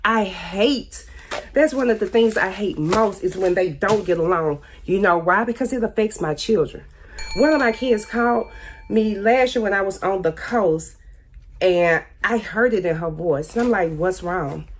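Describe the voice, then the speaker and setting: A woman's voice: medium pitch, measured pace, slight background noise. A woman in her forties telling her side of a painful family story in a candid, pointed, repetitive way, her speech loose and informal. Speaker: speaking out about her ex-husband. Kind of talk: emotional personal testimony.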